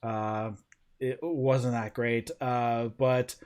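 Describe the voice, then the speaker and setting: A man's voice: medium pitch, little pitch movement, extremely slow, a little mellow. A man hosting a casual wrestling review podcast, rambling with lots of fillers and stumbling over names. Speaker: podcast host.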